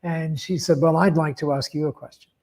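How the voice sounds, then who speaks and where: A man's voice: a little high, fairly even intonation, brisk, a little mellow. An Australian man, a guest in an interview, telling a long story and acting out both sides of a conversation, with many restarts. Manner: rambling, with frequent restarts and acted-out dialogue. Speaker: guest speaker.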